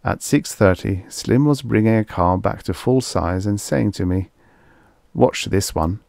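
A man's voice: lowish voice, moderate pace, gravelly, darkish tone, dry recording, clean studio sound. A man narrating a vintage story aloud in a wry first-person telling. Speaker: audiobook narrator. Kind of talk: scripted narration.

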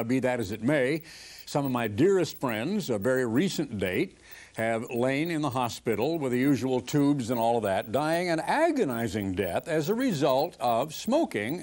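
Older man, tv preacher, earnest conversational sermon, very animated pitch. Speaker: television preacher. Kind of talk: televised sermon talk.

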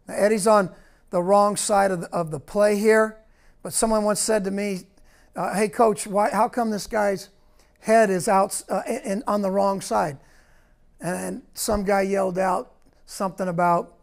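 A man's voice: sits high, steady tone, a little slow, creaky. A middle-aged man, a football coach, talking over practice film in clipped coaching cues and repeating words.

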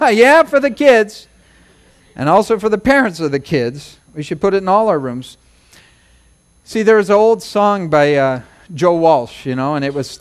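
A middle-aged male pastor preaching in a folksy, joking way. His voice sits high for a man, and he slips into playful acted-out quotes and little rhymes. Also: expressive, normal speed. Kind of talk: sermon.

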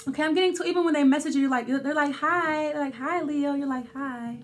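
Casting note: woman tarot reader, high voice, rambling and conversational. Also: fairly even intonation, quick pace. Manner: thinking aloud, many restarts and fillers. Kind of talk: casual tarot reading.

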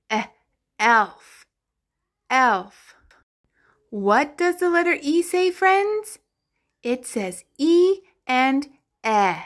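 A woman teaching the alphabet to toddlers in a slow, sing-song, exaggerated way, with playful animal sounds. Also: a little high. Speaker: children's educator.

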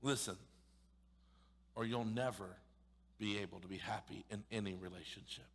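A male pastor preaching an emphatic, sarcastic sermon, swinging between loud pushes and sudden hushed asides. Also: lowish voice, steady tone, moderate pace, husky, in a large hall. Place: church sanctuary.

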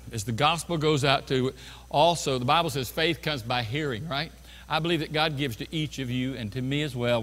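A pastor in his fifties preaching a sermon, swinging from quiet storytelling to loud crying out. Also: on the high side. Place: large church sanctuary. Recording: long hall reverb in a church.

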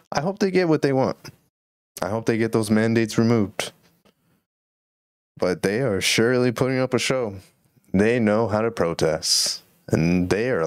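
On his solo podcast, a Texas man rambles and muses about current events, sounding easygoing. His voice is lowish. The sound is clean studio audio without echo.

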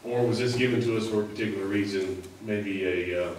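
Brief: man, low-ish voice, rambling sermon preacher, heard from a distance in a very echoey church. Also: brisk, slight background noise. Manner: conversational, rambling with many fillers. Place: church sanctuary. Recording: echoey hall, mic at a distance.

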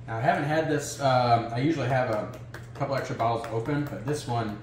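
A man's voice: medium pitch, fairly quick. Man guest, easygoing, hesitant, heard far off in a very echoey room. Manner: laid-back, hesitant with fillers. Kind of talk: casual food review chat.

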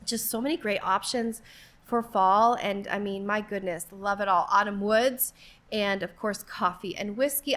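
Chatty bright-voiced woman in her forties. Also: fairly high pitch. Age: 40s. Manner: chatty and rambling, giggles often. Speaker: vlogger. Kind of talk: casual store walk-through. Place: inside a retail store.

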